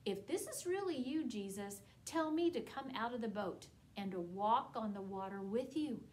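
A woman's voice: fairly high pitch, animated, moderate pace, darkish tone, close to an everyday voice. A woman voicing an eager, pleading man. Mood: earnest. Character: eager grown man, then scared and pleading.

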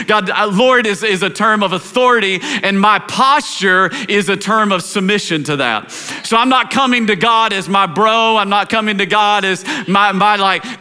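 A pastor from Tennessee, preaching a sermon with passion, swinging from shouted climaxes to low, quiet appeals. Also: male voice, normal speed, smooth. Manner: impassioned preaching, rising to shouts and dropping low.

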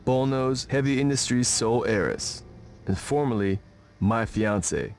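An actor playing a brooding young man in a dubbed video game, speaking in a slow, solemn monologue. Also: mid-range voice, expressive, darkish tone, slight background noise. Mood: earnest brooding.

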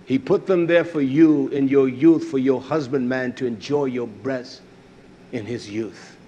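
A middle-aged man preaching a fiery, blunt sermon, who jumps from shouted lines to low mutters. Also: fairly even intonation, unhurried, lo-fi sound, slight background noise.

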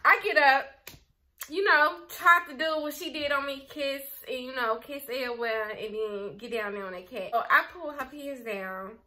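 A young adult woman telling a personal story on her vlog, candid and animated, full of filler words. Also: high voice, moderate pace. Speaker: vlogger. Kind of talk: casual storytime.

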